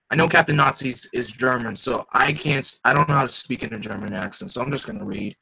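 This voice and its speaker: A man's voice: medium pitch, fast, creaky, few pauses, sharp tone, low-quality recording. A man reading a comic aloud live, chatty, stopping often to comment and joke. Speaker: reader.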